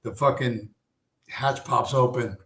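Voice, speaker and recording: Slow and steady, a bit bright in tone, the same mid-pitched streamer meanders through a lengthy, expletive-laden tale full of filler words. The recording carries the echo of a spacious room.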